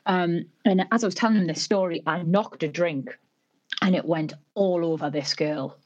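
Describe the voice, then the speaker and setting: A woman, a guest telling a lively story in a chat, swearing freely and acting out what people said. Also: lowish voice, moderate pace, muffled recording. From Newcastle, England. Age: 30s. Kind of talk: casual storytelling in a podcast chat.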